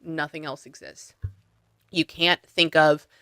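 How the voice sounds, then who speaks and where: Blunt, bright-voiced man coaching over a call. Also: fairly high pitch, little pitch movement, slow pace, smooth, no echo. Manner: blunt, casual, coaching step by step; swears freely. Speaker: spiritual medium. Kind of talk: one-on-one session over video call. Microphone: video call.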